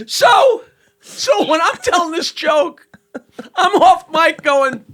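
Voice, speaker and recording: An older man who tells jokes for a living spins a long story with quick asides, his voice sitting high and sounding bright and sharp. He talks casually as a podcast guest, hitting each point hard. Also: a little hiss or hum. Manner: animated joke-telling with quick asides. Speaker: comedian guest.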